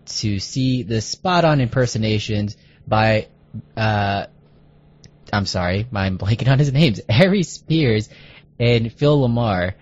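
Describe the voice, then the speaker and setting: A man with a husky voice introducing a segment casually, a bit hesitant, in a dull lo-fi recording. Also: medium pitch, dry recording. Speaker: podcast host.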